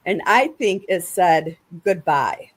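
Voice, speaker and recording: A woman's voice: lowish voice, husky. A woman hosting a casual panel discussion over a video call, explaining things at length with frequent restarts. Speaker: podcast host.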